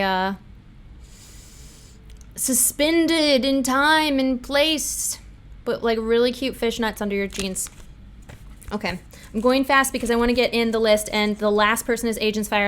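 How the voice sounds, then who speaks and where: Giggly chatty woman livestream host. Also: a little high. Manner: giggly and chatty, answering chat. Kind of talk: casual chat reading tarot for viewers.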